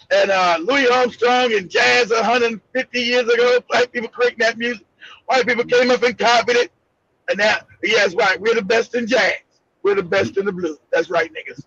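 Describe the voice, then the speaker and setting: High-pitched man, gravelly voice, bright sound, blunt laughing co-host, dull lo-fi recording. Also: normal speed, no echo. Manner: laughing, blunt, animated storytelling. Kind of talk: casual chat.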